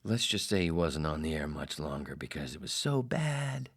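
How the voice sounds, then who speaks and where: A man's voice: extremely low pitch, sing-song, moderate pace, breathy edge. A man hosting a podcast, telling a rambling, profane story in a casual way. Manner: rambling, profane, self-interrupting. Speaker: podcast host.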